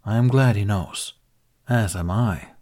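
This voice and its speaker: A man voicing a calm, proud male Jedi master with a baritone voice. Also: unhurried, close to an everyday voice.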